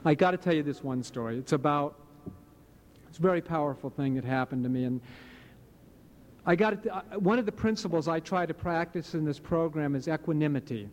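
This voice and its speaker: This man in his late fifties from Hawaii speaks a little high and fairly quick, with a darkish tone. At a recovery meeting, he gives a personal testimony to a live audience, earnest and rambling.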